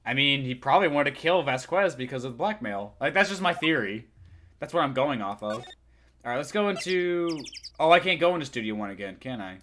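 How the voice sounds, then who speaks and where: Low-voiced woman joking through a game. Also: expressive, fairly quick, fairly bright tone. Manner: crude, joking, rambling. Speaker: let's player. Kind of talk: casual game commentary.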